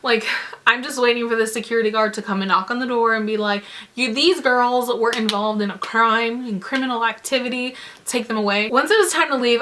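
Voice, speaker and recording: Young woman vlogger, storytime chat, bright voice, kinda high, says like a lot. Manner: animated, filler-heavy retelling with lots of "like". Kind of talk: casual storytime vlog.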